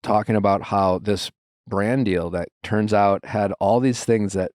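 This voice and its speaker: A man hosting a podcast, adding measured explanations in casual chat. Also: fairly low pitch, steady tone, a little mellow, no echo, studio quality. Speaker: podcast host.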